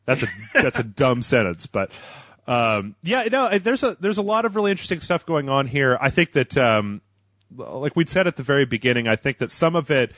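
Animated, laughing man chatting casually. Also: medium pitch, dry recording, studio quality. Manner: rambling, laughs often, swears casually. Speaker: podcast co-host. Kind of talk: casual podcast chat.

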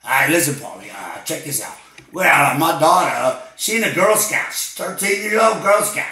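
A man playing a frantic, panicked caller, pleading and shouting on a prank call. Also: fairly high pitch, animated, moderate pace. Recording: very echoey room.

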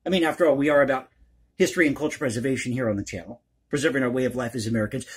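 Husky, lively-voiced man ranting to camera. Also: medium pitch, fast talker. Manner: rambling, folksy, addresses viewers as folks; conspiratorial, opinionated. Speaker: political commentary YouTuber. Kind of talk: one-take commentary vlog.

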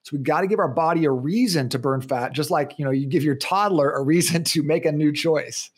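A man in his thirties, a fitness and nutrition guest on a podcast interview, explaining things in an animated way and acting out the voices he quotes. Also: fairly high pitch, a little fast, slightly rough.

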